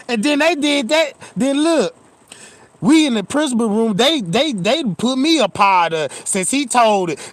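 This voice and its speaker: A middle-aged man spins a profane, animated comic story and keeps turning to his listeners. His voice sits very high and sounds bright and tense. The sound is dry and close. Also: unhurried, no echo. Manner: animated, profane, acts out scenes.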